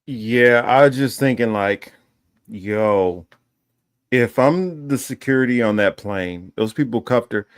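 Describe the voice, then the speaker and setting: A man's voice: medium pitch, slow pace, clean tone, no echo, clean studio sound. A man giving casual, slangy reaction commentary. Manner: slangy, laid-back.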